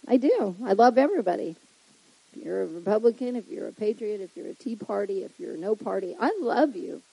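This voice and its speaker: A woman's voice: mid-range voice, lively intonation, fairly quick, creaky, dark tone, breathy edge, dry recording, low-quality recording. A woman preaching a humorous sermon in a chatty way, joking and making frequent asides to the congregation.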